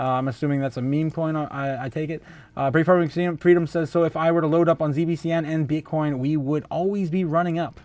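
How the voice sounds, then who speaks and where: A man's voice: fairly high pitch, a little mellow, dry recording. A man hosting a casual livestream, reading out viewer comments, laughing often and stumbling through restarts and filler sounds. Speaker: host of a crypto livestream.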